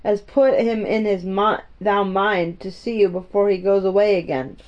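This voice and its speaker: A woman's voice: mid-range voice, steady tone, moderate pace, a little mellow, lightly acted. Woman doing a chatty maid. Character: cheerful young Yorkshire housemaid. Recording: muffled lo-fi recording.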